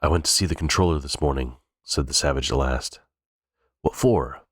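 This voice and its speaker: A man's voice: extremely low pitch, normal speed, no echo, studio quality. A man reading a novel aloud unrehearsed, stumbling and restarting words now and then. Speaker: reader. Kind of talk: cold-read audiobook narration.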